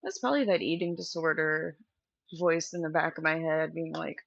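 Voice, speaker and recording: A woman's voice: low-pitched, animated, normal speed, gravelly, dry recording. A young woman chatting candidly and directly to viewers on a casual live stream from a room at home. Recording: dull lo-fi stream audio.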